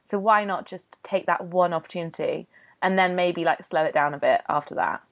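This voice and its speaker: A woman's voice: fairly low pitch, a little fast. A young adult British woman hosting a podcast in casual chat, gushing and enthusiastic. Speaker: podcast host.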